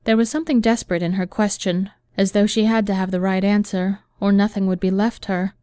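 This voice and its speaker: A woman narrating an audiobook in a measured, even reading voice. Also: medium pitch, clear, resonant tone, no echo, studio quality. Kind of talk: scripted narration.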